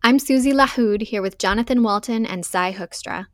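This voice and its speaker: A woman's voice: fairly high pitch, normal speed, faint music behind. Woman host reading an outro. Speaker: podcast host. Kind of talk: scripted podcast outro.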